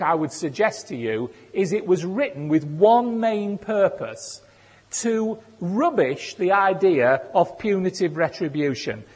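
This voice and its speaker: A man's voice: high-pitched, husky. A man giving a sermon in a conversational way, with self-deprecating humor. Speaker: preacher. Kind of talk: sermon with personal stories. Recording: echoey hall.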